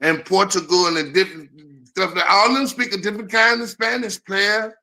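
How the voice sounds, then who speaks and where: A man's voice: sits high, steady tone, brisk, pushed and bright. A man in casual chat, asking easygoing questions and musing aloud.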